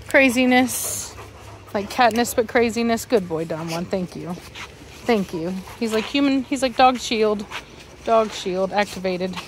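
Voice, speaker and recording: A woman's voice: mid-range voice, slight background noise. A woman breeder chatting casually outdoors among her dogs, scolding them sharply and cooing at them. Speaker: dog breeder. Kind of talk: casual vlog talk to camera and dogs. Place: outdoors in a dog yard.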